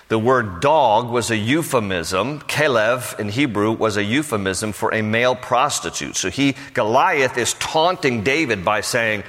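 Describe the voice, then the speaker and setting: A man's voice: lowish voice, fairly bright tone, long reverb tail. A man preaching a Bible study sermon in a conversational way, with frequent fillers and restarts. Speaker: pastor.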